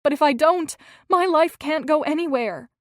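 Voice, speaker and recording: A woman's voice: on the high side, moderate pace, no room sound, studio quality, natural voice. A woman voicing a tearful young woman with a troubled past in an audiobook, earnest and pleading.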